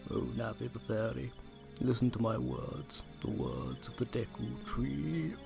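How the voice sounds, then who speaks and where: A man putting on a slow, grave ancient tree spirit. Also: mid-range voice, wildly swooping pitch, gravelly, music in the background, exaggerated voice. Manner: slow grave old-man voice, archaic speech. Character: ancient wise male tree spirit, solemn.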